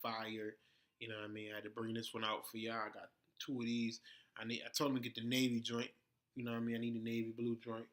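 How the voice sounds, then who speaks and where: A male vlog host talks bluntly and swears freely, mixing slang into a casual rant. His voice is bright and crisp at an average pitch. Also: monotone, fast talker. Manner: heated during the rant, laid-back in the sign-off.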